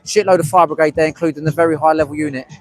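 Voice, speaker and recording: A man's voice: fairly high pitch, steady tone, very fast, a little mellow, no echo, low-quality recording. Sweary London man streaming live. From North London. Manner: blunt, sweary, matey banter. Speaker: livestreamer. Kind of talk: live street stream, chatting to viewers. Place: outdoors at a street protest.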